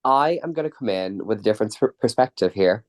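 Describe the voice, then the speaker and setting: A man's voice: on the low side, lively intonation, a little fast. A man hosting a casual podcast, chatty and upbeat in a playful presenter tone. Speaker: podcast host.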